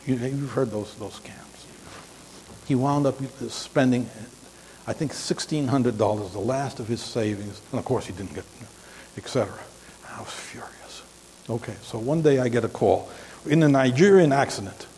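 Older male preacher, mid-pitched, halting storyteller, long hall reverb with faint hiss. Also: a little mellow. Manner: halting, rambling, frequent restarts. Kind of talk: informal sermon storytelling.

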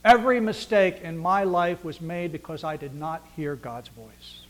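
A man preaching as pastor speaks a little high at a moderate pace. His delivery rises to loud emphasis and drops to near-whispers, and he acts out conversations and asks rhetorical questions.

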